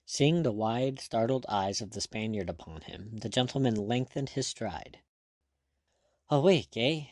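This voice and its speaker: A man narrating an adventure novel in a measured, expressive storytelling voice. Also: lowish voice, no echo, clean studio sound. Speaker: audiobook narrator.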